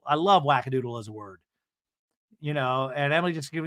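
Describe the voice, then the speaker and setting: A male podcast host giving a comedic TV recap, telling it in an animated, gossipy way. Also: medium pitch, a little fast, no room sound, clean studio sound.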